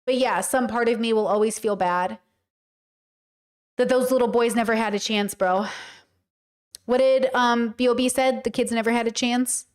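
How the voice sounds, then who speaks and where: A woman with a slightly high-pitched voice talks straight to her livestream audience. She is blunt and emphatic and swears casually as she reacts and explains. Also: steady tone, moderate pace, long pauses. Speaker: streamer and commentator.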